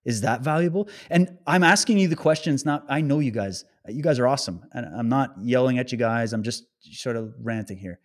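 A man delivering an agitated ranting monologue, firing off one rhetorical question after another at his listeners. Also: mid-range voice. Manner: rapid-fire rhetorical questions; emphatic, agitated.

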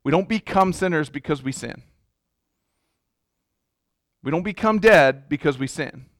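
A man's voice: a little high, expressive, a little slow, no room sound, clean studio sound. A man preaching a sermon as pastor, emphatic, repeating words and restarting his sentences.

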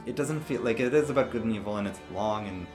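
A man co-hosting a casual movie review podcast, relaxed and laughing often, trailing off mid-sentence. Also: lowish voice, fast, over music. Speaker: podcast co-host.

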